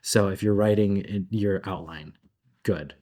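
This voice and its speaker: Casting note: deep-voiced male designer, chatty and animated, convention panel guest. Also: measured pace. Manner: animated, chatty, laughs between thoughts, uses filler like "like".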